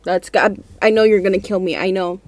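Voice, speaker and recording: A woman hosting a let's-play of a scary game from her room at home, her voice sitting at a middle pitch. She talks to herself in jittery, repetitive bursts. The commentary is nervous and unscripted throughout. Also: fairly quick, dry recording. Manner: jittery, nervous self-talk, repeats herself. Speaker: gaming channel host.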